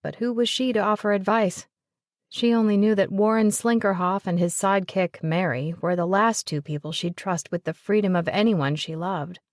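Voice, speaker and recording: A woman narrating a romance audiobook in an even, measured way. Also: mid-range voice, no room sound, studio quality. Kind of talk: scripted narration of a romance novel.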